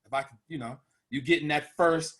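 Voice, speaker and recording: Man, thirties, podcast host, animated storytelling, high voice, bright tone. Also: brisk, slightly rough. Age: 30s. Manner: animated, profane storyteller addressing the audience. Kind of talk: casual storytelling chat.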